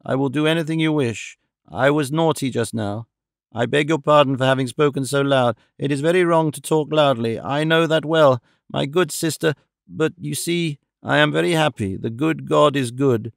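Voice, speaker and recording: A desperate young mother, burning with fever, pleads and demands in a voice pitched a touch high, as a man reading the book puts her on. The tone is gravelly at the edges. The recording is close and dry. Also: normal speed, dry recording. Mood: joyful. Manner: imperious and heart-rending, pleading.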